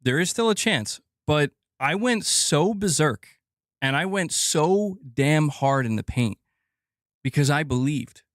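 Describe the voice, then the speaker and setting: A man's voice: a little high, expressive, slow pace, fairly bright tone, dry recording, clean studio sound. A man hosting a live gaming news stream, ranting casually and swearing as he talks to his chat.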